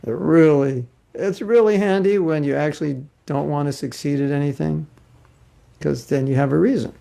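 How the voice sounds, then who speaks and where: Gravelly man teaching a spiritual class. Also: a little high, steady tone, normal speed, warm tone. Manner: informal, chuckling, acts out quoted voices.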